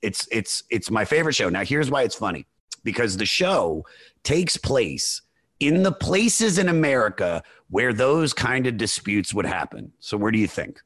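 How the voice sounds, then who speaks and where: Man, podcast host, mid-pitched voice, rambling casual chat, excitable, swears freely, dry close sound. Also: normal speed, no echo.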